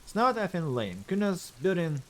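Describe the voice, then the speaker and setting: A man's voice: sits high, big pitch swings, normal speed, fairly bright tone, voice pushed up. A man voicing a foul-mouthed, aggressive young street boy who talks about himself in the third person. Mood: defiant.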